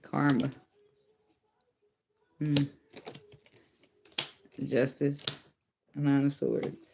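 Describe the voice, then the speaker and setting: A man's voice: on the high side, slight background noise. A man giving a casual spoken tarot reading, blunt and profane, teasing and laughing often as he goes. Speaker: tarot reader.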